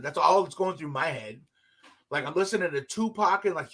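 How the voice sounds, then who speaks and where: A man chatting casually and telling stories, animated and profane, acting out what people said. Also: fairly high pitch, a little fast. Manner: animated storyteller, swears a lot, acts out quotes loudly. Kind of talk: casual chat.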